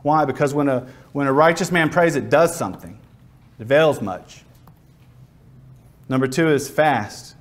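A man's voice: a little high, normal speed, long pauses. A man preaching a sermon who tells Bible ideas as vivid, acted-out stories. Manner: vivid storytelling, acts out scenes.

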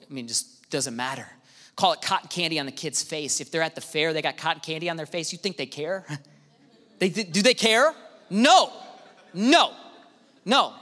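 A man preaching a sermon as pastor, animated, swinging from hushed to shouting. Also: on the high side. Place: church auditorium. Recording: reverberant hall with music behind.

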